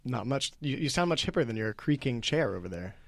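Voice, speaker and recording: A man's voice: medium pitch, very animated, a little fast, creaky, no echo. A man hosting a casual news podcast panel, joking with his colleagues as he moderates. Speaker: podcast host and reporter.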